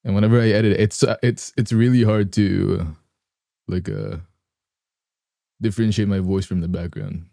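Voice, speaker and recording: Deep-voiced young man with morning voice. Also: fairly even intonation, moderate pace, creaky, pauses often, mellow, no room sound, clean studio sound. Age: young adult. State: morning voice, clearing his throat. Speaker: live streamer. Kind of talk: casual stream chat.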